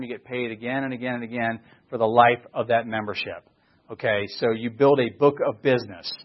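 A man's voice: medium pitch, breathy edge, dull audio. A middle-aged man giving an enthusiastic, rambling sales presentation, full of fillers and restarts.

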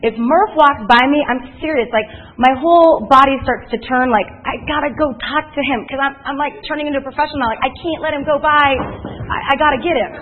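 A lively woman addresses a crowd at a sales meeting, spinning chatty stories with plenty of energy. Her voice sits fairly high. The sound is thin and tinny, as if heard over a phone line. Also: a little fast, a little hiss or hum. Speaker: motivational speaker at a sales meeting. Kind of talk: animated storytelling to a live audience.

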